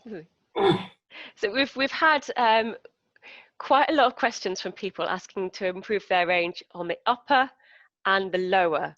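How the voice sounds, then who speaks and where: A woman's voice: medium pitch, measured pace, long pauses, fairly bright tone, no room sound, highs cut off. A woman hosting a live question-and-answer interview, reading out viewers' questions with friendly fillers over a video call.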